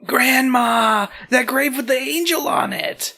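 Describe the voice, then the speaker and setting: A man's voice: high voice, sing-song, slow pace, sharp tone, slightly rough, voice pushed up, full character voice. Man doing a screeching, panicked kid. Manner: screechy, alarmed. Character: panicked young kid, shrieking.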